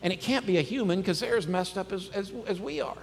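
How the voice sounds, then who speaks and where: Animated preacher, slightly high voice. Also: male voice, fast, gravelly, slight background noise. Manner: conversational, animated preaching with scripture reading. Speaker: pastor. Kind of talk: sermon. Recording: long reverb, faint ambience.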